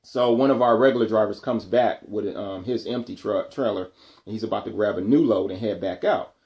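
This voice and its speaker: A man casually telling a story from his job, animated and acting out what others said. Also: on the low side, a little fast, highs cut off. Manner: animated, acts out quoted dialogue. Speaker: vlogger telling a work story.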